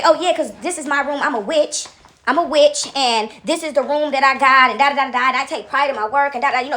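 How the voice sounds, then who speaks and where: A high-pitched woman tells her story to viewers at a rapid clip. She is animated and blunt, addresses her audience as y'all and swears freely. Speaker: storyteller vlogger.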